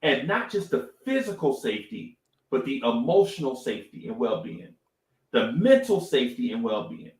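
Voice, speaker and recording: Animated middle-aged man, echoey room. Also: mid-range voice, normal speed. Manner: animated storytelling, repeats phrases, says "right?" often. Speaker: podcast co-host. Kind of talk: casual live-stream talk.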